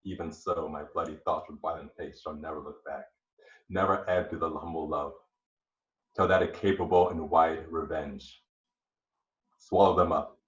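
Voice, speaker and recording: A passionate, vengeful general, played by a man in an amateur Shakespeare reading. His voice swings from hushed brooding to roaring outbursts. It sounds echoey and muffled, like a room recorded on a lo-fi mic. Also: medium pitch, measured pace, close to an everyday voice. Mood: jealous rage. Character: jealous male general Othello, passionate and vengeful.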